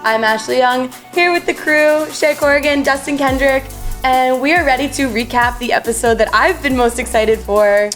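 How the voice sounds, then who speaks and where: A woman's voice: sits high, normal speed, a bit bright, soft background music. Upbeat woman hosting a podcast. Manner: upbeat, teasing interviewer. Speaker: podcast host. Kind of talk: casual podcast chat.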